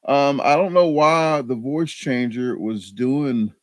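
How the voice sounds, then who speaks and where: A man's voice: medium pitch, slow, no echo. A man hosting a casual live stream chat. He rambles, mocks himself, and restarts his sentences often. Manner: rambling, self-deprecating, frequent fillers and restarts.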